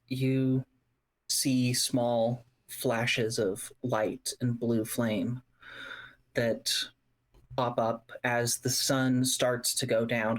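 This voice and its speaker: A tabletop game master who narrates at an unhurried, measured pace. The descriptions unfold slowly, with pauses between phrases as the scene is built up. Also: medium pitch.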